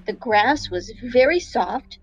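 A woman reading a storybook aloud to children in a playful, expressive way. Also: fairly high pitch, slow, poor audio.

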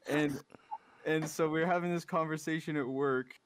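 A man's voice: on the high side, steady tone, moderate pace, slight background noise. Rambling young man telling a story. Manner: rambling storyteller with false starts and giggles. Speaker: podcast co-host. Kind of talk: casual chat.

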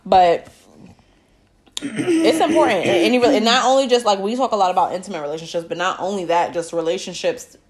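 A young woman co-hosting a podcast in casual chat, who jokes and laughs often. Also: medium pitch. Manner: jokey, laughs often, quick quips. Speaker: podcast co-host.

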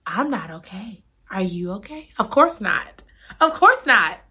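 A woman chatting casually about a romance novel, dramatic and gushing. Her bright voice swings widely from highs to lows. She reacts big to every twist. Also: sing-song, measured pace, breathy edge. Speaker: book reviewer. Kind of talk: casual chat.

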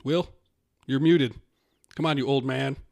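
A man's voice: mid-range voice, fairly even intonation, a little slow, vocal fry, a little mellow. A man co-hosting a comedy podcast, talking in a rambling, casual way and laughing often. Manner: rambling, laughs often, quotes people in put-on voices. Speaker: podcast co-host.

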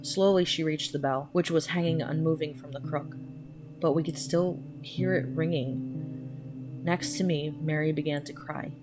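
Low-voiced woman narrating horror. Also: steady tone, measured pace. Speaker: podcast storyteller. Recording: music playing under the voice.

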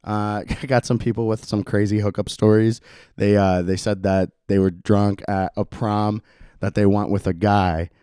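A man's voice: lowish voice, little pitch movement, normal speed, warm tone, clear, resonant tone, no room sound, studio quality. A young man hosting a solo podcast in a casual, rambling way, laughing often and saying "like" a lot. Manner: rambling, laid-back, laughs often, says "like" constantly. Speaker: podcast host.

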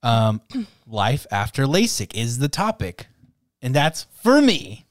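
Man, podcast co-host, relaxed and self-mocking, average pitch, dry close-miked sound. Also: takes it slowly, no echo. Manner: laid-back, self-deprecating, laughs often. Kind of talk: casual podcast chat.

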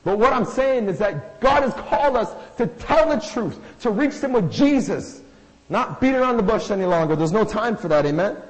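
A man with a high voice preaches with earnest emphasis, stumbling over and repeating words as he presses his point. His voice rings out with a long reverb, like in a church hall. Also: lively intonation, moderate pace. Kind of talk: sermon with personal story.

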